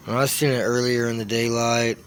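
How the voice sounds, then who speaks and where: Young guy, mid-pitched, casual and rambling, faint background ambience. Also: fairly quick, slight background noise. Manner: relaxed, loose, many "like" and "uh" fillers and restarts. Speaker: car build vlogger. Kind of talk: casual rambling talk to camera.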